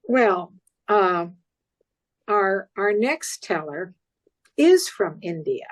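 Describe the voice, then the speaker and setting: Woman emcee, halting intros with fillers, video call. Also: mid-range voice, very animated, rough recording. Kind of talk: introducing performers.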